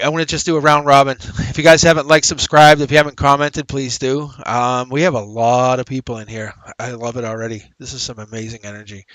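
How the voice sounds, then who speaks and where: A man's voice: medium pitch, a bit bright, no echo, poor audio. A man hosting a live tarot reading stream, chatting upbeat with viewers as he reads cards, repeating phrases and laughing often. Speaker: tarot reader and livestream host. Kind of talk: casual livestream tarot reading.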